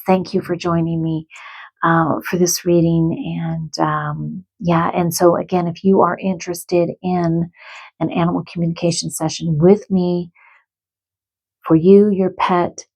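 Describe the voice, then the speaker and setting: Gentle husky-voiced woman reading cards. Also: lowish voice, low-quality recording. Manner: gentle, emotional, addresses viewers directly. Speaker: animal communicator and card reader. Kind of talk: spiritual card reading.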